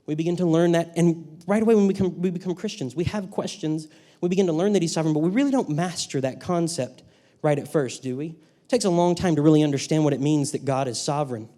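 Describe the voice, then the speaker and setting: A man's voice: a little high, fast talker, mellow. A man teaching a university class, lecturing and reading quotations aloud, asking his students questions as he goes. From Texas. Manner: reads quotes aloud, asks the class questions. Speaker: university instructor.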